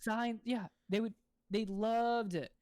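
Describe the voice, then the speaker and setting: Podcast co-host, mid pitch, rambling and giggly, dry close sound. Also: fairly even intonation, slow, darkish tone, dry recording. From grew up in a log cabin. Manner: rambling, giggly, casual swearing. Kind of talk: casual chat.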